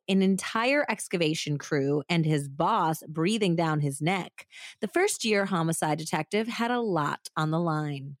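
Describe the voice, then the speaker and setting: A woman co-hosts a true crime podcast, narrating the case with dramatic flair and trading playful jokes between segments. Her fairly low voice is captured with studio quality and no echo.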